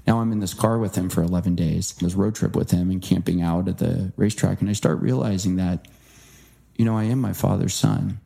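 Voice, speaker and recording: Male interview guest, low mellow voice with some fry, earnest storyteller. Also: a little fast. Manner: earnest, animated impressions when quoting. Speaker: guest author.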